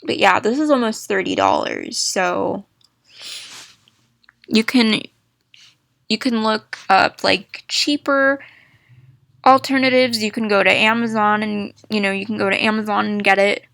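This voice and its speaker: A young woman chatting casually to viewers about video games, rambling and restarting phrases, with bursts of excited exclamations. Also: mid-range voice, a little slow, gravelly, long pauses, no room sound, clean studio sound. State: hiccups. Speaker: gaming vlogger.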